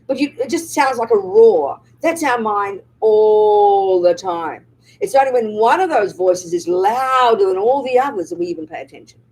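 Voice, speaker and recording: Husky-voiced woman, fairly high, nun teaching a crowd, punchy, keeps asking "right? you get my point?". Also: lively intonation, fairly quick, few pauses, darkish tone, low-quality recording. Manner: emphatic, keeps checking the audience understands; rhetorical questions and tag questions. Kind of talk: live dharma talk with audience Q&A.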